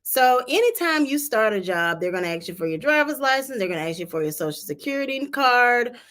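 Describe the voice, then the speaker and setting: A woman with a Georgia Southern accent, a tax specialist teaching a live-streamed tutorial, talking slowly and deliberately in a chatty, direct way. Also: fairly high pitch, sing-song, fairly bright tone.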